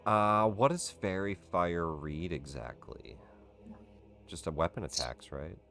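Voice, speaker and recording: A man with a very deep voice runs a tabletop game session. He narrates actions and calls results in an easygoing, matter-of-fact way, pausing on fillers as he checks rules. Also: a bit bright, faint music behind. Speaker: game master. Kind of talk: running a tabletop game online.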